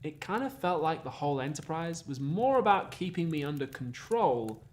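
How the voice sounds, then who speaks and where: A man narrating a scripted video essay in an earnest, measured way. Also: a little high, expressive, a little hiss or hum. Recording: narration with faint background music.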